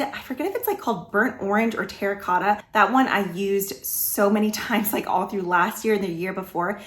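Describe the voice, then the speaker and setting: A chatty woman beauty vlogger talking through her makeup routine in a relaxed, casual way, with lots of "like" fillers. Her voice sits at a middle pitch and is a bit hoarse, as if she is losing it. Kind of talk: casual makeup tutorial chat.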